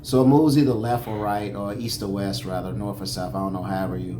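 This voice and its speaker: A relaxed man from Chicago talks about travel in a loose, rambling way. His voice sits on the low side, in a roomy, echoey space with clear background noise. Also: fast talker. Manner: laid-back, rambling. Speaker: travel vlog co-host. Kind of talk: casual travel chat.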